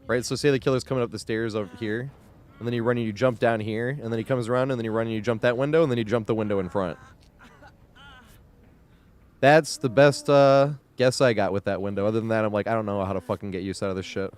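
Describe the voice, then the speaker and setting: A man's voice: lowish voice, steady tone, fast talker, clean tone. A young man streaming a game live, chatting loosely with frequent laughs and casual swearing. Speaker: gaming streamer.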